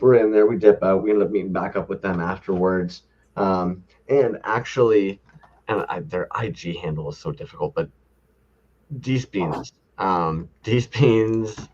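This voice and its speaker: Over dull lo-fi audio, a man with a low, slightly mellow and slightly rough voice co-hosts a toy podcast. He tells rambling, profane stories in a laid-back way, chatting casually as a toy collector.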